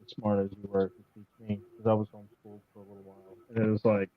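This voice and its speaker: A man's voice: on the low side, flat delivery, quick pace, slightly rough, phone-quality sound. A man hosting a casual chat, joking around in a hesitant way with many ums and likes. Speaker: host.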